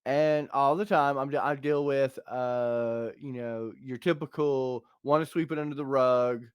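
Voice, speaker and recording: A middle-aged man hosting a casual podcast, telling a story in a rambling, animated way with many restarts. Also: medium pitch, a little slow, clear, resonant tone, dry recording, studio quality. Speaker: podcast host. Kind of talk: casual chat.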